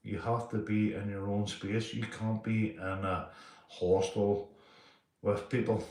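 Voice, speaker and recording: Sweary man, slow and low. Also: level tone, a little mellow, echoey room. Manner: sweary, loose, keeps saying mate. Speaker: live streamer. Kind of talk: casual live-stream chat.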